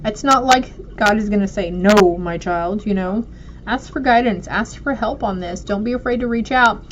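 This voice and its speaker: A woman's voice: on the high side, moderate pace, slight background noise. A woman casually reading oracle cards to her viewers, addressing them directly and affectionately. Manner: affectionate, speaks straight to viewers. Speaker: oracle card reader. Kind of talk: casual spiritual card reading. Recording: dull lo-fi audio.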